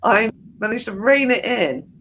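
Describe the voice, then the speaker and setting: A woman hosting a podcast interview, chatty and full of animated anecdotes. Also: a little high, measured pace, a little hiss or hum. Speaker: podcast host. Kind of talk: conversational interview.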